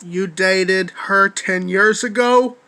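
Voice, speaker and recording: A man replying to another video, speaking in a measured, lecturing tone with stiff phrasing. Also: sits high, bright, forceful tone, clear, resonant tone. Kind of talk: calm commentary.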